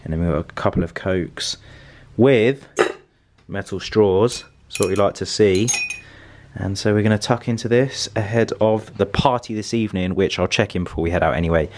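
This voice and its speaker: A young man talks through a hotel room tour in an easygoing, chatty vlog style. His voice sits very low, and there's a faint hiss under the recording. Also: normal speed. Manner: chatty, upbeat, relaxed. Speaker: vlogger.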